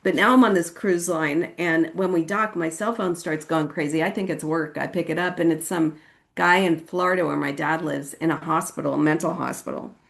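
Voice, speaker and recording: A woman's voice: steady tone, normal speed, gravelly, fairly bright tone. A woman from California sharing her personal recovery story at a meeting, chatty and casual, often saying "like" and acting out quoted voices. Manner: casual and chatty, with frequent "like" and "you know what I mean"; acts out quoted voices with sudden high pitch.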